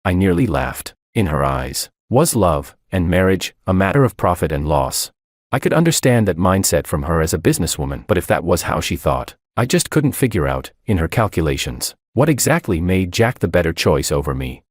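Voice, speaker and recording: Low-voiced guy reading a first person story, calm and kinda bitter, lots of ups and downs, dry close mic. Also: normal speed, dry recording. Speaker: audiobook narrator.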